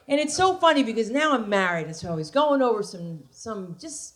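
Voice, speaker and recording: A woman's voice: on the high side, sing-song, fairly quick, hardly any pauses. A woman comedian performing a stand-up set on a comedy club stage, sassy and conversational with punchy delivery.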